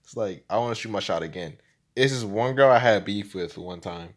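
A young man with a fairly low voice rambles to his camera in a loose, slangy vlog, laughing often. He jumps from loud, excited bursts to low mumbles and back. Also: brisk. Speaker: vlogger. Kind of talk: casual vlog monologue.

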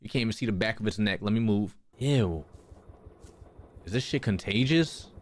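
A young man hosting a let's play, commenting crudely and jokingly, often jumping into silly high-pitched voices. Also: normal speed, heavy background noise. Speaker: gaming channel host.

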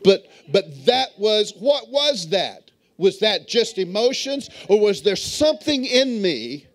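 A man's voice: high voice, very animated, takes it slowly. A man preaching a sermon as bishop, telling stories and calling on his congregation to answer back. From moved to Texas as an adult. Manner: storytelling, calls on the congregation to respond. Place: church sanctuary.

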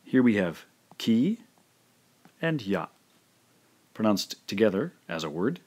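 Man, lowish voice, language teacher, scripted lesson narration, careful repeated pronunciation. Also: big pitch swings, a little mellow. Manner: slow, careful syllable-by-syllable pronunciation drills.

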